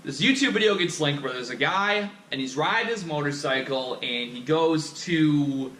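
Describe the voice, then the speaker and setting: A young man unloads an exasperated, profanity-laced rant straight to the camera. His voice sits a little high and bright. It carries a roomy echo and a faint background hiss. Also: normal speed. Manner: swears constantly, heated and exasperated. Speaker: vlogger. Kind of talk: profane ranting monologue. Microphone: action camera. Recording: echoey room, faint background noise.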